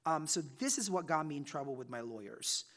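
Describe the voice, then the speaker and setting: A man in his forties from the Philippines, an author giving a chatty campus talk that leans on "right?" and "like", his loudness rising and falling a lot. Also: fairly high pitch, animated, a little fast, in a large hall. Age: 40s. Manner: chatty, often tags "right?" and "like", loudness swings widely. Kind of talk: conversational public talk. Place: university event room.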